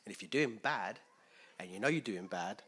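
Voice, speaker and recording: A man preaching a conversational sermon in a chatty, lively way, full of fillers and repeated words. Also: lowish voice, normal speed, breathy edge.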